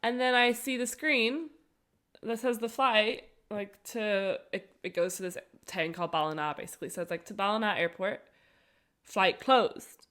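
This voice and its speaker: A woman telling a travel story on a podcast, animated and full of laughter. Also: medium pitch, normal speed. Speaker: podcast co-host. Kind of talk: casual storytelling chat.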